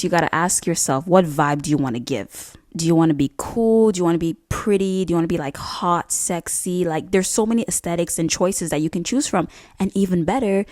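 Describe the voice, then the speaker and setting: A young woman with a low, deep-set voice gives casual advice in a vlog. She talks bluntly and swears freely, cracking jokes as she goes. The sound is dry and close, with no room around it. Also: a little mellow, no echo. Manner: blunt, profane, jokey. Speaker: vlogger.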